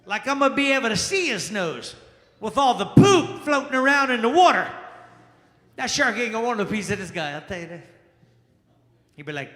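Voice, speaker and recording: A man doing stand-up comedy for a small live crowd, his high, bright voice swinging widely in pitch. He banters and asks the audience questions as he goes. The sound carries a roomy echo with a long reverb tail from the lounge. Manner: animated, crowd-work banter with quick asides. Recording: echoey room with long reverb.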